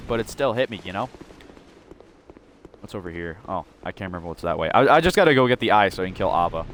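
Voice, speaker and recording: A man talks off the cuff while he plays, rambling and breaking off his own sentences. His pitch jumps around a lot. A clear hiss of background noise sits under his voice. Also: fairly bright tone. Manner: rambling, restarts often, self-interrupting. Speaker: gaming video creator. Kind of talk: unscripted gameplay rant.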